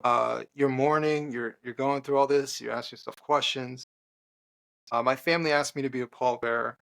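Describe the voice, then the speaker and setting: A man, a podcast guest and author, telling an earnest personal story in conversation, halting with restarts and fillers. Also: mid-range voice, steady tone, vocal fry, fairly bright tone.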